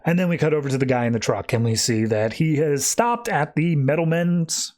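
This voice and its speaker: A man's voice: on the high side, lively intonation, brisk, a little mellow. A man hosting a podcast, casually recapping a comic book story and loosely paraphrasing the characters' dialogue with plenty of filler words. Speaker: podcast host.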